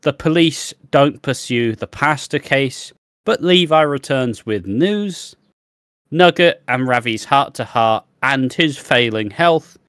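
A man's voice: medium pitch, expressive, slow pace, a bit bright, clear, resonant tone, dry recording, clean studio sound. A man co-hosting a podcast in casual, chatty talk, swearing freely. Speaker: podcast co-host.

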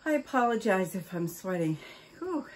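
A woman's voice: mid-range voice, sing-song, moderate pace. An older woman chatting casually while she opens fan mail, gushing with oohs, gasps and exclamations of delight. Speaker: vlogger opening fan mail. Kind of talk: casual mail-opening chat.

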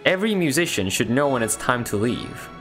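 A let's play host reads a visual novel aloud in a playful mock Russian accent, his mid-range voice moving lively up and down at a fairly quick pace. He breaks off for wry jokes while faint music plays behind him.

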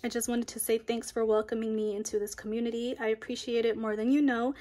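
This young woman, a budgeting vlogger, talks fast in a fairly high, warm voice with a flat delivery. She keeps things chatty and upbeat while counting cash aloud for her budget during casual cash-stuffing talk.

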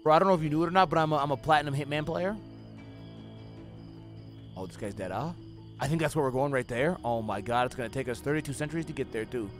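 A young man streaming a video game, giving profane running commentary that swings between low muttering and sudden yelling. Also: animated, fast talker, pauses often, soft background music. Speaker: gaming streamer. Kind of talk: live gameplay commentary.

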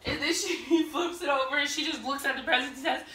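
A bright, high-pitched young woman telling a lively personal story in an echoey room, a little away from the mic, breaking into laughter. Now and then she acts out loud voices of other people, with faint noise underneath. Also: brisk, far from the mic. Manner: animated, laughing, acts out quoted people loudly. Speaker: vlogger. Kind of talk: casual storytelling.

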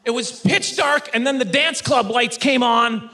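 A man performing a stand-up comedy routine, telling a story with lively mock voices for the people in it. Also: extremely high pitch, unhurried, faint music behind. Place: stage before a live studio audience.

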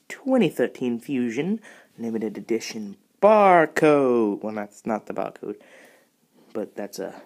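A man's voice: mid-range voice, a little mellow. A young man giving a casual, rambling review of a model car, chatty and self-mocking, with plenty of fillers.

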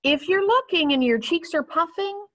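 A woman's voice: very high voice, animated, normal speed, a bit bright. A woman giving a clarinet lesson, explaining each step patiently while she demonstrates. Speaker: clarinet teacher.

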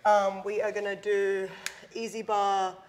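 A woman guiding a workout, relaxed and often laughing in casual gym banter. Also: medium pitch, measured pace, a little hiss or hum. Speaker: guest trainer.

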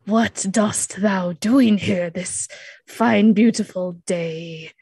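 Pompous blundering leader, voiced by a woman, slow and overblown. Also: mid-range voice, gravelly, darkish tone, slightly rough, no room sound, full character voice. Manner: slow, grandiose, stilted old-fashioned phrasing. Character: pompous, bumbling male hero leader.

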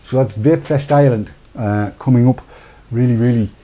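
Chatty middle-aged British man, mellow tone. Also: mid-range voice, moderate pace. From United Kingdom. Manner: chatty, jokey, reads viewer comments aloud. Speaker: show host. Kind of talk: casual live-stream chat.

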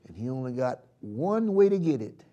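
A man preaching a live church sermon, swinging from loud shouts down to hushed murmurs and leading the congregation in call-and-response chants. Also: medium pitch, big pitch swings, moderate pace, dull audio. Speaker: pastor. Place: church sanctuary.

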